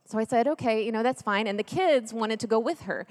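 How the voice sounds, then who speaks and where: A woman in her thirties gives a storytelling sermon in a chatty, joking way that turns earnest and hushed. Her voice sits a little high for a woman. It rings with the long reverb of a large hall. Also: brisk. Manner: lively, chatty, jokey, then earnest and hushed. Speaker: speaker at a church gathering.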